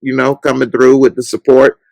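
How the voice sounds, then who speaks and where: A man hosting a casual talk show, chatting loosely and breaking into loud mock rants at characters on TV. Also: medium pitch, monotone, normal speed, creaky, no echo, rough recording. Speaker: podcast host. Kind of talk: casual chat.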